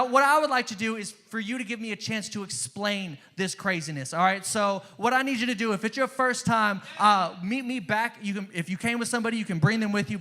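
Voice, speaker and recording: Brief: male youth leader, high voice, hurried loud announcements in a church youth room. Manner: loud and hurried, repeating himself.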